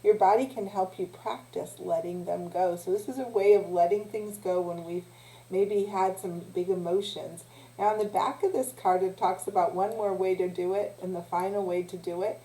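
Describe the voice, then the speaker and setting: A woman teacher leading a children's lesson, talking in a gentle, encouraging way with small pauses and restarts. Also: medium pitch. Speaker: youth teacher. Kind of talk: children's lesson, guided breathing. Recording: echoey room.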